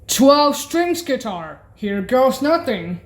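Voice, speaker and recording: Woman keyboard teacher, very slow and halting, pitched a bit high, keeps correcting herself. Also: big pitch swings, faint music behind. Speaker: keyboard instructor. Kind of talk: casual keyboard demonstration.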